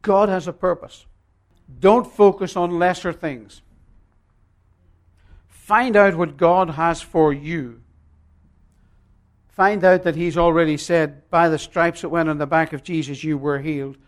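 A male pastor preaching a sermon, emphatic and swinging between loud and quiet, telling stories with long pauses. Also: on the high side, fairly even intonation.

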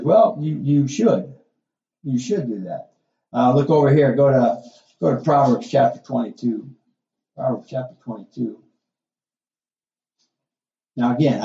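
A man's voice: mid-range voice, warm tone, roomy sound, lo-fi sound. A middle-aged male pastor preaching a sermon in a folksy, conversational way, full of asides and rhetorical questions.

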